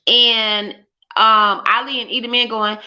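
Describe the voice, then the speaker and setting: A woman's voice: a little high, measured pace. A woman, hosting a livestream and talking animatedly, with lots of swearing and exclamations. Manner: animated and profane, loud exclamations, laughs. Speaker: livestream host. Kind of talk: casual streamer chat. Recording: dull lo-fi stream audio.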